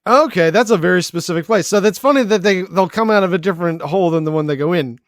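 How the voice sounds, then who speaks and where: A man's voice: high voice, fast, no room sound. A man co-hosting a podcast, chatting casually with dry, wisecracking humor. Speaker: podcast co-host. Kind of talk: casual comedic chat.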